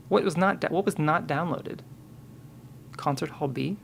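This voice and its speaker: A man's voice: a little high, normal speed, creaky, pauses often, slight background noise. A man on a live stream, thinking aloud and muttering to himself, counting and correcting himself as he works.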